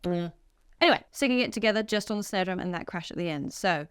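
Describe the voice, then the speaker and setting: Playing along on a loud drum kit in a music studio, a cheerful woman instructs a drum lesson and calls out the counts as she goes. She speaks quickly in a mid-range voice.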